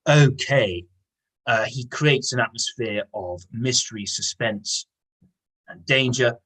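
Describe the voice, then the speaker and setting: A man's voice: medium pitch, slow pace, fairly bright tone, rough recording. A man teaching an online English lesson. He explains patiently and repeats key words. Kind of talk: online lesson with reading aloud.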